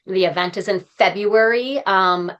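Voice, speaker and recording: A woman's voice: medium pitch, unhurried, fairly bright tone, muffled recording. A woman speaking as a podcast guest, talking in an earnest, heartfelt and encouraging way. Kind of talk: conversational interview.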